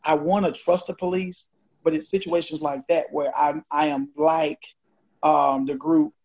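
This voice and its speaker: A man's voice: on the high side, a little slow. A man co-hosting a podcast, telling a personal story casually and acting out the dialogue. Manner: animated, acts out dialogue. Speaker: podcast co-host. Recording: dull lo-fi podcast audio.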